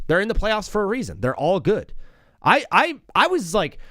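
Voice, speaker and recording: A young man hosts a live sports stream in an easy, rambling way, tossing out jokes and plenty of "dude." His fairly high voice swings up and down with lively energy. The sound is dry and close, with little room around it. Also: no echo. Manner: rambling, joking, heavy on "dude" and "bro".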